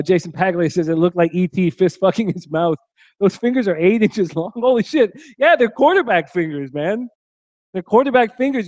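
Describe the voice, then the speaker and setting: A man with a fairly high voice hosts a late-night betting stream and reads out the chat. He jokes crudely and laughs often. The sound is dry and close, with no room echo. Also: a little mellow. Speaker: sports betting show host. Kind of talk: live-stream chat reading. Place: hotel room.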